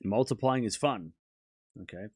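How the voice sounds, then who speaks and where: A man's voice: on the low side, normal speed, no echo. Casual male tennis streamer, dry close sound. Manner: chatty, talks to chat, laughs often. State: sore throat. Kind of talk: casual live-stream chat.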